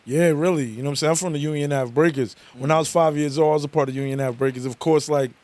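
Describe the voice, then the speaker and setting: A man's voice: on the high side, fairly even intonation, quick pace, darkish tone, no echo. A man in his forties, a guest artist, telling stories in a laid-back, casual interview chat. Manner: laid-back storyteller, says "you know what I'm saying".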